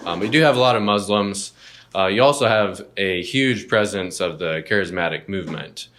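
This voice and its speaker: A man answering as a podcast guest, steady and explanatory, with frequent ums. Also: deep voice, moderate pace, slight background noise. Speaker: missionary guest. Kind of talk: casual interview answers.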